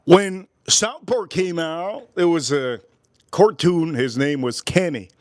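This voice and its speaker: A man in his forties hosting a livestream, rambling and joking loudly as he talks straight to his chat. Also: fairly high pitch, slow, dry recording, clean studio sound. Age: 40s. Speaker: livestream host.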